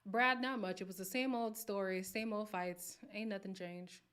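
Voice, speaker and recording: A woman hosting a live recap stream, chatting casually with viewers and reacting with animated exclamations. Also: medium pitch, moderate pace, clean tone.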